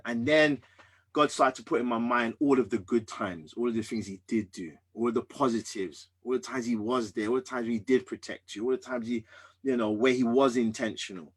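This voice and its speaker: Earnest husky-voiced man telling his story. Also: mid-range voice, moderate pace. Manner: earnest, emphatic, swings between loud and hushed. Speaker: podcast guest. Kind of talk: candid personal storytelling.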